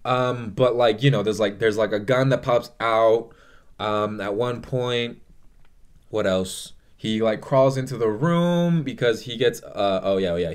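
A man's voice: lowish voice, a little mellow. A young man vlogging a casual, emotional movie review, swearing often and rambling with fillers.

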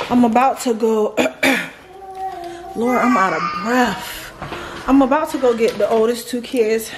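A woman with a mid-range voice talks casually to her viewers in a home vlog, with slight background noise. A mother of young kids, she's chatty and addresses her audience directly as "y'all."

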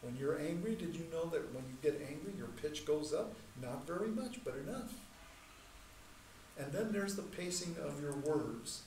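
A man teaching a church class in a measured, deliberate way, repeating key points and slowing down to stress terms. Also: on the high side, lively intonation, a little mellow. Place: church hall. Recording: echoey room, mic far off, faint noise.

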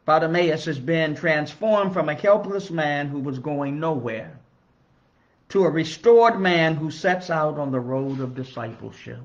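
A male minister teaches a Bible study with a slightly high voice, steady and earnest, lifting into emphasis on the points that matter. The recording is dull and lo-fi, with the top end muffled. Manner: measured, earnest teaching with emphatic rises on key phrases. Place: church.

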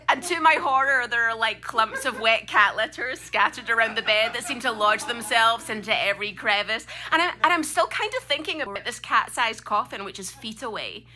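A woman's voice: on the high side, fairly quick, few pauses. A Scottish woman around thirty performing a personal story live on a club stage, with a vivid, comic, dramatic delivery. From Scotland.

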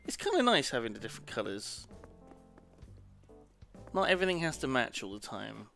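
A man's voice: medium pitch, wildly swooping pitch, normal speed, gravelly, a bit bright, soft background music. A man streaming a game live, chatting casually, swearing freely and muttering apologies to himself.

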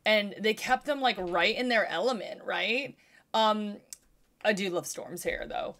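A woman in her thirties hosting a trailer reaction video, gushing and excited, with lots of fillers. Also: mid-range voice, measured pace. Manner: gushing, fangirling, lots of likes and ums.

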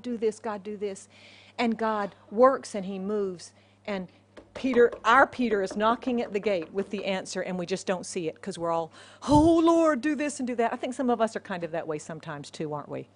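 A woman pastor preaching a sermon, asking the congregation questions and acting out the voices of the people in the story. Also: mid-range voice. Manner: animated, acts out voices of characters.

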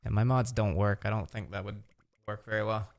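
A man's voice: lowish voice, steady tone, a little fast. A young man streamer chatting in a game, joking and telling rambling stories. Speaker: fellow streamer. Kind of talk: casual gaming chat.

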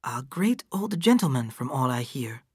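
A reader voicing a patient, loyal household companion who answers quietly and with measure in an audiobook reading. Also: mid-range voice, big pitch swings, normal speed, breathy edge, no echo, clean studio sound. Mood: calm.

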